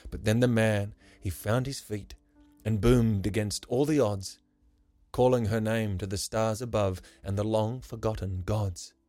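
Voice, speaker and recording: A man narrating a rhyming story in a measured, lyrical way. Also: fairly low pitch, steady tone, warm tone, no echo. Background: faint music.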